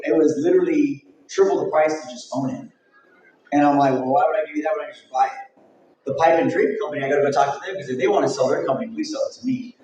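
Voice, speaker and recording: A man's voice: mid-range voice, a little mellow, distant mic, a little hiss or hum. Rambling man talking in an echoey hall. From Mexico. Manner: candid, rambling and jokey. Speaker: convention organizer. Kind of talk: casual panel talk. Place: event hall.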